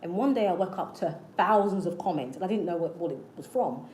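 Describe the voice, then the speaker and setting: A woman talks straight to her viewers in an earnest, coaching way, circling back over the same points again and again. Her voice is fairly low and mellow. She sounds like she is in an echoey room, with faint ambient noise underneath. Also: expressive, fairly quick. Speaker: manifestation channel host. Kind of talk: casual motivational talk to camera.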